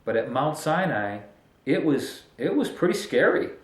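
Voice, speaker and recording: A man's voice: fairly high pitch, big pitch swings, moderate pace, reverberant. A man preaching a casual, conversational sermon as pastor, joking and breaking into emphatic bursts.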